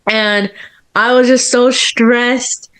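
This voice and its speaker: A woman in her twenties, a student guest on a casual podcast, telling stories in an animated way, acting out her own reactions and laughing often. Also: fairly high pitch, very slow, smooth.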